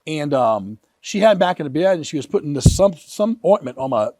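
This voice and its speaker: Animated high-voiced man in his fifties. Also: fairly quick, no room sound, clean studio sound. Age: 50s. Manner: animated, earnest, vivid retelling. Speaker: author and guest. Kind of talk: emotional personal storytelling.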